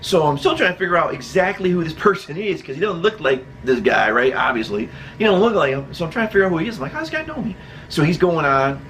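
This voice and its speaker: A man's voice: on the high side, expressive, fast talker, hardly any pauses, fairly bright tone, slight background noise. A man casually telling a personal story, laughing often and acting out other people's voices.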